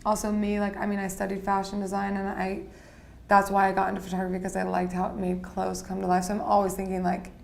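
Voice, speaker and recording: A woman guest on a podcast, a photographer, telling stories in an animated way with many "like"s. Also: medium pitch, fast talker, vocal fry. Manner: animated, heavy use of "like". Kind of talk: casual interview chat.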